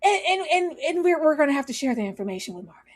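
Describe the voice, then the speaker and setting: Animated woman reviewing a TV series. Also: high-pitched, racing. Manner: animated, laughs often, acts out scenes. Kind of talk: casual review chat.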